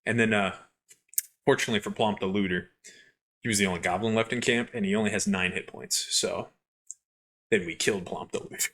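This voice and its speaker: A young man co-hosting a podcast who tells gaming stories in a rambling, animated way with lots of fillers. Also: lowish voice, a little fast, pauses often. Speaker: podcast co-host. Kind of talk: casual chat, storytelling.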